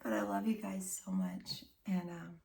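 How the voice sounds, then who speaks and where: A woman's voice: fairly low pitch, very animated, a little slow, gravelly, darkish tone, recorded from a distance, a little hiss or hum. A woman giving a channeled tarot reading, intimate and emotional, often dropping to a whisper and calling listeners honey and baby. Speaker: tarot reader.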